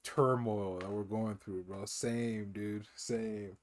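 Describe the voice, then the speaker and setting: A man's voice: fairly low pitch, steady tone, takes it slowly. A man reacting to a clip on his stream with joking, slangy banter. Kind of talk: casual reaction commentary.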